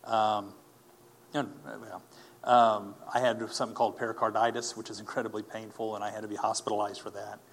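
A man telling his personal testimony in an earnest, halting way, with many fillers and restarts. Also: lowish voice, level tone.

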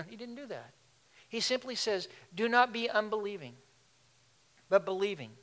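Man, pastor preaching, animated, laughing asides, fairly high voice. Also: moderate pace. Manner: animated, laughing asides, shifts between loud and hushed. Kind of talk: sermon.

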